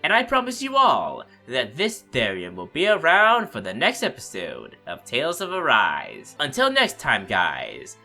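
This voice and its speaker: A man's voice: mid-range voice, huge pitch swings, a little slow, few pauses, sharp tone, soft background music. A man commentating his video game playthrough, frustrated and swearing, full of "like, you know" fillers. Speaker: let's play host. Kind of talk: casual gameplay commentary.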